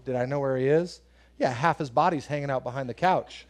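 A man's voice: medium pitch, fast talker. A man preaching a sermon in a conversational way, telling personal stories, acting out voices when he quotes people, and asking the congregation questions. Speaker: pastor.

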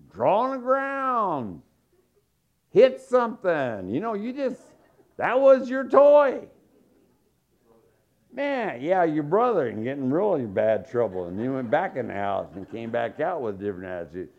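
A middle-aged man preaching a sermon, telling stories and acting out quotes with lively swings. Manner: animated storytelling with acted-out quotes and big pitch swings. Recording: dull lo-fi sound.

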